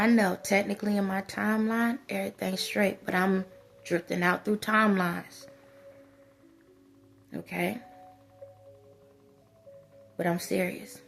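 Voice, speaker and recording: A woman with a gravelly, husky voice lectures her viewers like a spiritual advisor. She scolds them and drives each point home through repetition. Faint music plays underneath. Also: mid-range voice. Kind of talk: preachy monologue to viewers.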